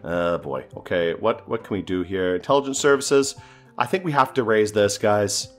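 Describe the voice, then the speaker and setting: A man's voice: fairly low pitch, normal speed, a bit bright, faint music behind. A man giving casual, exasperated gameplay commentary, talking to himself and swearing as things go wrong. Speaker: gaming commentator.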